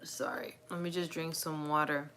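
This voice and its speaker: A woman's voice: fairly low pitch, measured pace, bright, forceful tone. A woman doing a live tarot reading, talking in a chatty, reassuring way with many fillers and frequent laughs. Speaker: tarot reader.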